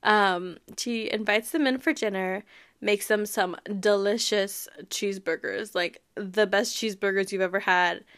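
A woman's voice: medium pitch, steady tone, a little slow, a bit bright, smooth. A woman hosting a podcast, giving a casual, chatty recap of a book and its TV show, often breaking into laughter. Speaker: podcast host.

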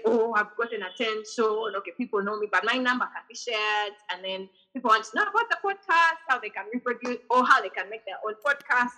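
A woman's voice: a little high, rough recording. A woman hosting a podcast over a video call, telling a personal story in casual chat and acting out the messages she received. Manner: animated storytelling, acts out quoted messages. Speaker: podcast host.

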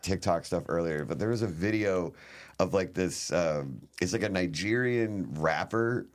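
A man's voice: sits low, a little slow. A man, a comedian guest, rambling and laughing through a casual comedy chat. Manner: rambling, laughing, fond of put-on accents.

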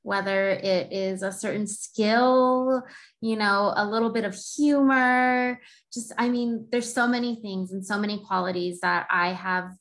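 A woman's voice: medium pitch, fairly bright tone. A woman on a nonprofit team speaking earnestly and appreciatively in a casual chat. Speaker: nonprofit program staff.

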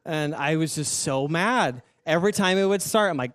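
A male pastor sharing his testimony in a sermon, telling it in a candid, self-mocking, animated way. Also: fairly high pitch, moderate pace, hardly any pauses, no room sound, clean studio sound.

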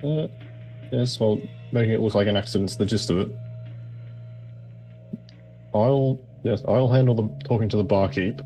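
A man's voice: mid-range voice, dark tone. A man playing his character at a tabletop game, speaking hesitantly with frequent uhs. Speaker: player. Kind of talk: in-character role-play.

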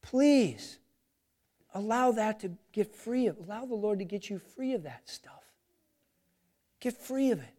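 Man, pastor, sermon, high-pitched voice, animated, acts out inner voices, loud emphasis then quiet asides. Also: a little slow, long pauses.

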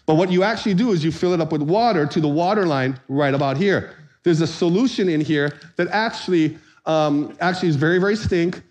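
A man's voice: on the high side, fairly quick. A man preaching a sermon, telling a comic story and acting out voices. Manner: animated storyteller, acts out voices, shouts for comic effect. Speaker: pastor.

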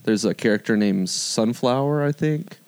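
A man's voice: mid-range voice, moderate pace, darkish tone, smooth. A man in his twenties in casual, rambling chat, swearing freely and trailing off mid-thought. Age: 20s.

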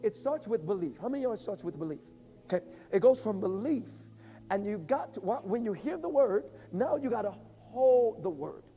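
A man preaching a sermon as pastor, swinging between emphatic shouts and hushed, low passages. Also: very animated, moderate pace. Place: church.

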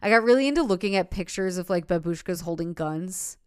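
A woman with a lowish, smooth, clean voice who rambles through a story in loose podcast chat and keeps dropping in filler words. The sound is dry and close, with no room echo. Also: lively intonation, fairly quick. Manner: rambling, with many fillers and laughs. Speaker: podcast host.

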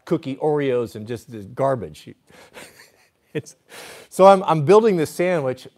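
A man's voice: on the high side, animated, measured pace, a little mellow. A man hosting a livestream who tells a long story in a rambling way, with restarts and acted quotes. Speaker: host.

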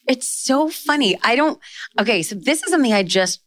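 A young adult woman talking as a podcast guest in casual chat, telling stories in quick bursts and jumping higher when she quotes people. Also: dry recording. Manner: storytelling, fast bursts with excited rises in quoted lines. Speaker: podcast guest, author and speaker.

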